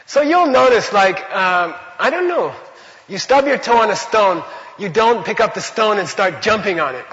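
A man's voice: high voice, expressive, moderate pace, bright, forceful tone, big-room sound, dull audio. A man teaching a Buddhist class in a loose, conversational way, full of rhetorical questions and repeated phrases.

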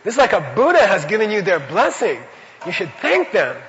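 Huge pitch swings mark this high male voice, which moves a little fast with a fairly bright tone. A Buddhist teacher, he offers a chatty, meandering spiritual teaching built on anecdotes, often saying "you know" and laughing mid-story; the hall is reverberant and the sound dull and lo-fi.

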